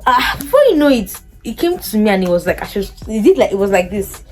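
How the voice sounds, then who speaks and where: A young woman with a Nigerian English accent telling a personal story to her vlog audience, lively and acting out what people said. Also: fast, faint music behind. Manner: animated, acts out quoted dialogue in a much higher voice. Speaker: vlogger. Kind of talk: casual storytelling.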